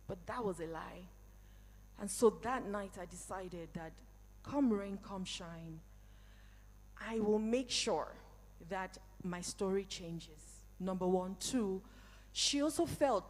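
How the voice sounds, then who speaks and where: A woman's voice: medium pitch, a little slow, a little mellow, big-room sound. A woman in her forties or older giving a personal, emphatic motivational talk, speaking straight to a live audience. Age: 40s or older. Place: event hall.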